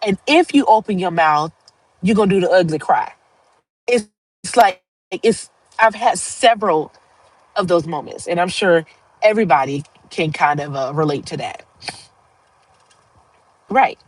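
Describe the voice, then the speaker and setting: A woman's voice: lowish voice, a little slow, pauses often, poor audio. A woman hosting a livestream, talking to viewers in a casual, heartfelt monologue. She rambles earnestly and laughs often. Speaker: livestream host.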